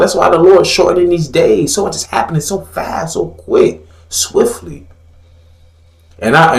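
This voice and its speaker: A man's voice: fairly high pitch, reverberant. A man giving blunt, profane religious commentary in a fiery, preachy manner, mocking others in put-on voices.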